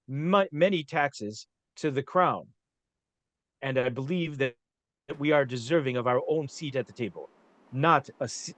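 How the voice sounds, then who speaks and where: A man voicing a calm, formal nobleman who speaks slowly and humbly before the crown. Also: fairly high pitch, dry recording. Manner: slow, measured, humble courtly speech.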